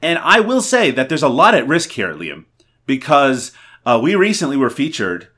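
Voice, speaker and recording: A man's voice: medium pitch, very animated, moderate pace, a bit bright. A man from Canada hosting a podcast in jokey, teasing casual chat. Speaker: podcast host.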